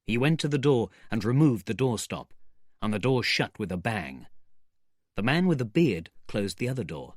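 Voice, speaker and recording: A man narrates a classic novel for English learners in a clear, measured way. His voice is fairly low and rises and falls expressively. The recording is close and dry. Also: big pitch swings, no echo. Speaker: audiobook narrator.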